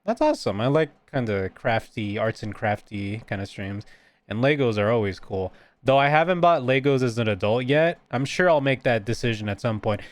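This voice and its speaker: A man's voice: mid-range voice, normal speed. A man chatting casually and rambling with frequent giggles as he streams his drawing. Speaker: art streamer and VTuber. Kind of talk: casual live-stream chat.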